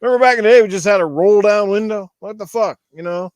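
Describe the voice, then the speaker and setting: A man's voice: high-pitched, quick pace, smooth, no echo. A man hosting a podcast, chatting casually, rambling and swearing as he reads donations. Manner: laid-back, swearing, rambling. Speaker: podcast host.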